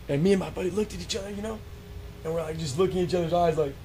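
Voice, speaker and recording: Male guest, casual storyteller, slightly high voice, animated, faint background noise. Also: racing. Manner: animated, acts out quotes, many fillers and restarts. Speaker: guest telling an encounter story. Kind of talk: casual storytelling on a radio show.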